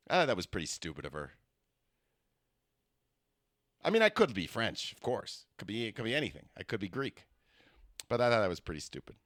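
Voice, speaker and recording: A man's voice: medium pitch, a bit bright, dry recording. Rambling, self-mocking male comedian, dry sound. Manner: rambling, self-mocking, many fillers and restarts. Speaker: comedian and podcast host. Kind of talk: comic podcast monologue.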